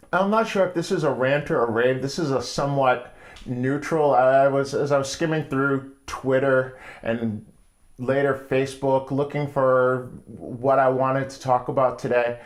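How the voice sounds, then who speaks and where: A middle-aged man hosting his own show, telling a story in a wry, casual monologue with frequent pauses. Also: medium pitch. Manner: wry, storytelling, pausing often. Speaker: host.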